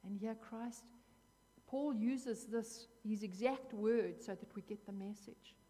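A woman's voice: on the high side, fairly even intonation, slow, warm tone, big-room sound. A woman preaching a sermon in an earnest, emphatic way, repeating phrases for weight.

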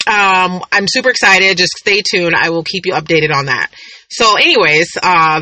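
A woman in her thirties hosts a casual podcast monologue and wanders from story to story with frequent laughs. Her voice is bright and piercing, and the recording is close and dry with no room sound. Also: on the low side, dry recording, low-quality recording. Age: 30s. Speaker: podcast host.

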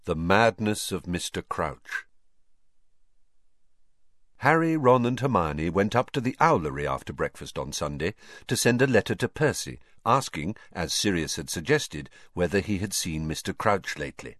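Male audiobook reader, wildly lively pitch, dry close recording. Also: normal speed, dry recording. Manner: very expressive, acts out every character. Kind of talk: scripted audiobook narration.

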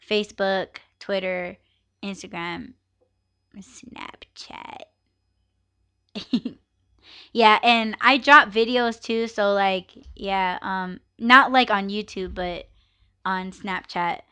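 A woman runs her own live podcast, chatting loosely and ranting with lots of swearing and frequent laughter. Her medium-pitched voice is bright, clean and pushed, and she takes her time.

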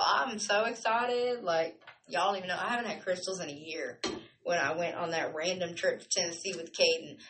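A woman of about thirty rambles through stories on her podcast, chatty and animated. Her voice is bright and forward. She tosses in playful asides as she talks. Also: medium pitch, slight background noise. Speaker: podcast host. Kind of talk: casual storytelling monologue.

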